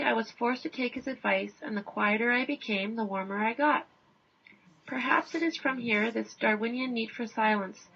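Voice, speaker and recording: A woman's voice: fairly high pitch, vocal fry, breathy edge. A woman reading a wry first-person essay aloud in a dry, understated manner. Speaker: essay reader. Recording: dull lo-fi recording.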